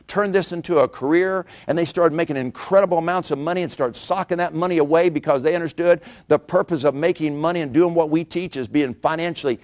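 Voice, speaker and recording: A middle-aged man giving a motivational finance seminar, energetic and preachy, peppering his talk with rhetorical questions. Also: high-pitched.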